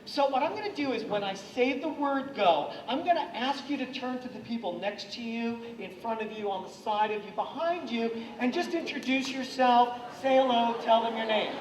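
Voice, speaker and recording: A man giving an energetic anti-bullying talk to students at a school, getting the audience to repeat lines after him. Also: extremely high pitch, a little fast, hardly any pauses, a little hiss or hum. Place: school hall or classroom. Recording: echoey hall from far off.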